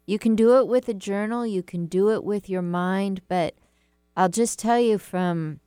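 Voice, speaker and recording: A woman in her fifties hosting a talk radio show as a life coach, giving earnest, gentle advice and acting out inner voices. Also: medium pitch, measured pace, clean tone, dry recording, studio quality. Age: 50s.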